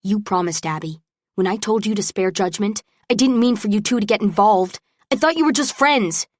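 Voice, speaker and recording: A woman voicing an anxious, angry young college man with a low, tense delivery in an audiobook. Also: normal speed, dry recording, natural voice.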